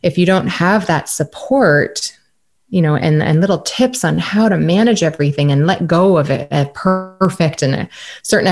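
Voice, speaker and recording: A woman who is a naturopathic doctor, a podcast guest telling a personal story in a lively, chatty way with frequent laughter. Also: lowish voice, vocal fry. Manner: animated storyteller, laughs often. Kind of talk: casual podcast chat.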